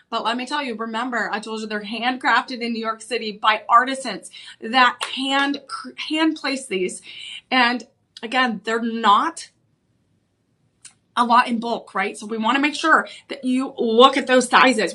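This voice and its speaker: A woman presents jewelry on a live shopping channel with a high, bright voice. She talks in a lively selling pitch and says the main points twice. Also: a little slow. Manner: enthusiastic, repeats key selling points. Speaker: home shopping host.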